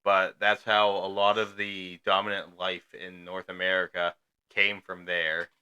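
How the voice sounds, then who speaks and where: A man's voice: deep voice, level tone, measured pace, bright, forceful tone, clear, resonant tone, lo-fi sound. A man co-hosting a podcast in casual chat, rambling with many fillers and restarts. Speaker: podcast co-host.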